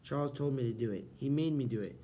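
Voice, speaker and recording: A man's voice: medium pitch, fast, dark tone, a little hiss or hum, voice pushed up, natural voice. A man reading an audiobook, voicing a whiny, panicky boy who sputters when caught cheating. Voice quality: sputtering, whining.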